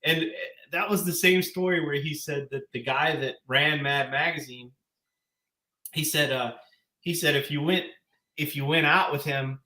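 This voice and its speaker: A man co-hosting a podcast in casual chat, enthusiastic and quick to laugh, often halting and restarting his sentences. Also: fairly high pitch, sharp tone, roomy sound. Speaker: podcast co-host.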